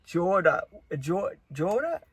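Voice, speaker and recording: A man's voice: high voice, big pitch swings, slow pace, slightly rough, no echo. A man streaming from home, chatting casually in a rambling way and swearing freely. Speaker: live streamer. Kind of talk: casual chat.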